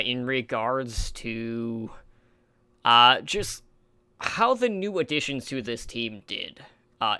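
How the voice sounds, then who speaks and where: Bright, crisp-voiced man hosting. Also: mid-range voice, no echo. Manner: rambling, filler-heavy, trips over player names. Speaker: esports show host. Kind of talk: casual esports podcast chat.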